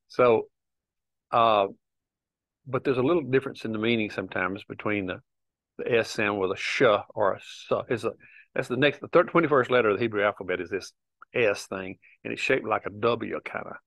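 A man's voice: lowish voice, fairly bright tone, dry recording. A man giving an informal Bible teaching, explaining Hebrew words in a conversational, meandering way. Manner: conversational, frequent restarts and fillers, explains slowly.

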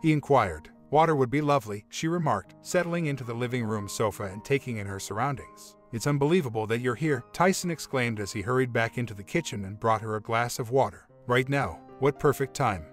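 A man reading a relationship story aloud, voicing every part in one steady voice. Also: mid-range voice, a little fast, hardly any pauses. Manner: reads all parts in one even voice. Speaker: story narrator. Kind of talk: scripted narration of a relationship story. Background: faint music.

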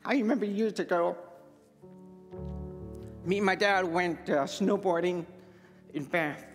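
High-voiced man with a deaf accent preaching. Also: fairly even intonation, a little slow, long reverb tail, faint music behind. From Manitoba, Canada. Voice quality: deaf speech, hard-of-hearing accent. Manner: earnest personal testimony. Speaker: pastor. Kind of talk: sermon. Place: church sanctuary.

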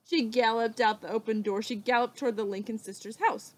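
A woman teacher reading a children's book aloud, slow and expressive with dramatic pauses. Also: fairly high pitch, dry recording.

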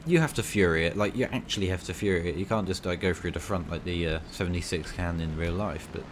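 A man giving excitable, casual commentary over a tank game, bantering at enemies with mock outrage. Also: deep voice, quick pace, noisy background. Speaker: gaming video creator.

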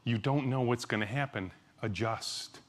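A middle-aged man, a company CEO, giving a conference keynote. He tells stories animatedly, jumping between loud exclamations and hushed asides. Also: mid-range voice, normal speed. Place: conference stage.

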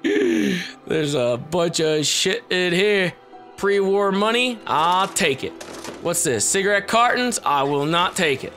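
A man giving excitable let's play commentary, swearing and shouting as he plays. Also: high voice, takes it slowly. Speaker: gameplay commentator. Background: game music.

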